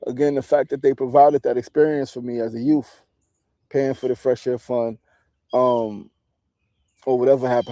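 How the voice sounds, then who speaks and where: A podcast host and meditation teacher in his forties, from New City, gives a candid, reflective monologue, swearing often and tagging his points with "right?". His voice is mid-range and mellow, in a dry recording.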